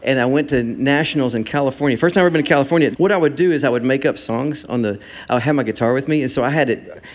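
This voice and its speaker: A middle-aged man with a drawl chats as a guest in an interview. He tells his stories loosely and often laughs at himself, in a voice of ordinary middle pitch. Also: very fast. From Texas. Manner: laughing, self-deprecating storyteller. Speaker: worship leader guest. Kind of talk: interview chat.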